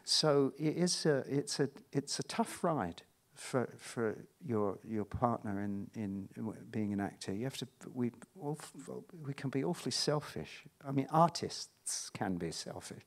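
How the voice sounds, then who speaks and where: Halting middle-aged man telling stories. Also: medium pitch, expressive. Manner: halting, stop-start, self-interrupting. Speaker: actor at a screening Q&A. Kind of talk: candid anecdotal chat.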